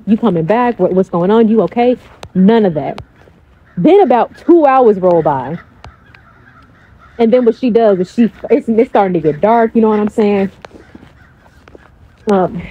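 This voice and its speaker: A woman's voice: medium pitch, slightly rough, highs cut off. A woman coach speaking in a casual, blunt storytelling style, swearing freely.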